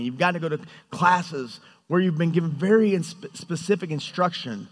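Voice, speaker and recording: A man preaching a sermon, animated and storytelling, often acting out quoted lines. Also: a little high, moderate pace, hardly any pauses. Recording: hall reverb.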